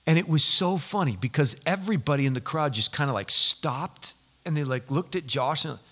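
Guy preaching, tells stories all animated, kinda bright sharp voice. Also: fairly high pitch, brisk. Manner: storytelling, animated, acts out quoted people. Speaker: pastor. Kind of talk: sermon.

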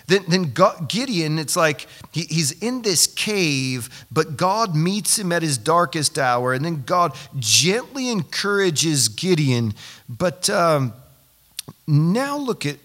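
A man preaching a sermon as pastor, animated and building to loud, emphatic peaks. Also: fairly high pitch, slow pace. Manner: repeats himself when excited.

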